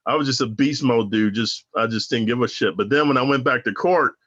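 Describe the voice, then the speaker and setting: A man's voice: medium pitch, fairly quick, fairly bright tone, highs cut off. A man from Northern California being interviewed, telling his stories in a slangy, profane, emphatic way. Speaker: interview guest, former prisoner. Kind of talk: casual storytelling interview.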